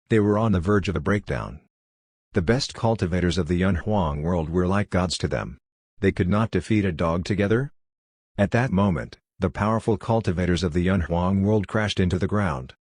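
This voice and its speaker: A man narrating an audiobook in a steady, matter-of-fact storytelling manner. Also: low-pitched, dry recording, studio quality.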